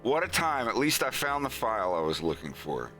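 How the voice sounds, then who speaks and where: A man's voice: fairly low pitch, sing-song, fairly quick, sharp tone, soft background music. A man streaming his animation work, rambling casually and laughing easily. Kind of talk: casual live-stream chat.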